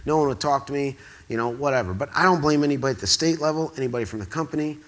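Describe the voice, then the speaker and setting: Speaking at an awards event, a man from the Quad Cities in the US Midwest tells a rambling story to a live audience on a theatre stage. He's excitable and acts out the quoted dialogue as he goes. His voice is medium-pitched and racing.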